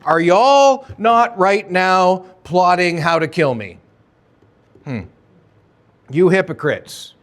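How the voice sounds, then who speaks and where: Indignant teacher calling out hypocrites, rising and insistent, a pastor doing the voice. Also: male voice, high voice, expressive, takes it slowly, long pauses, a bit bright, pitched above the performer's own voice, heavily acted. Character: indignant male teacher confronting accusers.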